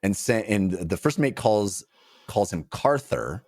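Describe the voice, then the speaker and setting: A man's voice: on the low side, unhurried, no echo, clean studio sound. A man hosting a book podcast, talking casually and playfully acting out scenes from the novel. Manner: animated, acts out characters in funny voices.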